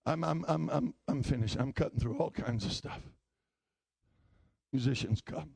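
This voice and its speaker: A man preaching a sermon, telling stories and rising into shouted appeals. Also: mid-range voice, normal speed, creaky, pauses often, husky, no echo. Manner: storytelling preaching that climbs into shouting.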